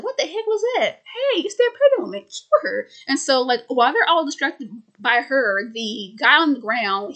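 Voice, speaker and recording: A woman's voice: a little high, a bit bright. A young woman casually recapping a film, stuttering and restarting words often. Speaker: video creator.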